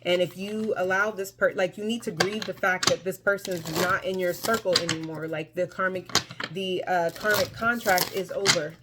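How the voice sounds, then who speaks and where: A woman with a somewhat low voice reads tarot cards for her viewers in a casual, chatty way. She talks with emphasis, often breaking off and restarting her sentences. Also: steady tone, normal speed, very noisy. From Mexico. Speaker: tarot reader. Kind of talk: casual tarot reading to camera.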